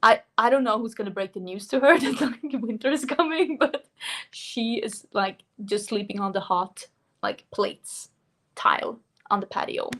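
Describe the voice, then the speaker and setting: Swedish-accented woman, young, casual livestream host, chatty, laughs often, slightly high voice. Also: moderate pace, fairly bright tone, a little hiss or hum. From Sweden. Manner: chatty, laughs often, reads out viewer comments. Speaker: beauty vlogger hosting a livestream.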